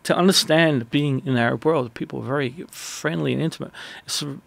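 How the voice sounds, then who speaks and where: A man who is a guest on a radio interview, telling a personal story in an animated, rambling way with many restarts. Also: fairly high pitch, brisk, gravelly, no room sound.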